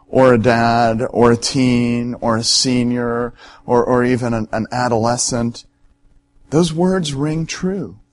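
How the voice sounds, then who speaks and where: A middle-aged man, a pastor giving a sermon in a conversational, storytelling way and speaking directly to his listeners. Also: fairly high pitch.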